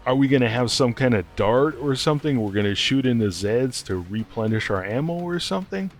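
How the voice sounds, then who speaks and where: A man's voice: medium pitch, expressive, a little fast. A man giving casual gaming news commentary, chatty and speculative, thinking aloud as he goes. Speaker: gaming video host.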